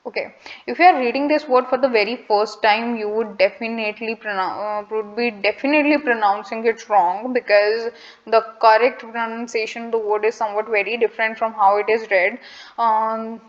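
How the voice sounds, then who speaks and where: Indian woman teaching pronunciation slowly. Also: fairly high pitch, steady tone, muffled recording. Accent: Indian English. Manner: patient, repeats each word slowly, mixes in Hindi. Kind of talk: casual lesson to camera.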